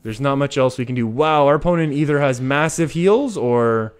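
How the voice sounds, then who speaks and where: A man's voice: medium pitch, expressive, normal speed, clean tone. A young Canadian man streaming live, chatting through his gameplay, laughing often and answering viewers' messages. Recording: faint music behind.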